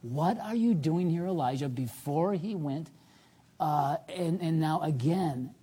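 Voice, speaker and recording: A man preaching a sermon as pastor, reading scripture aloud with rising emphasis, then dropping low and soft to reflect on it. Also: animated, a little slow, husky.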